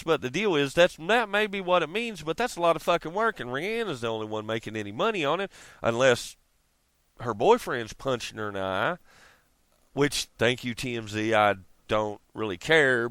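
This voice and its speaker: A man's voice: medium pitch, fairly bright tone, clean tone, no echo. A man ranting casually to his viewers, profane and rambling, laughing often. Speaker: vlogger. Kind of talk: casual rant to camera.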